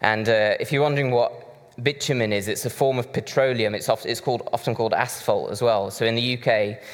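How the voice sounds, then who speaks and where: A man's voice: mid-range voice, fairly even intonation, brisk. A man preaching a sermon, conversational and chatty with side remarks. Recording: reverberant hall.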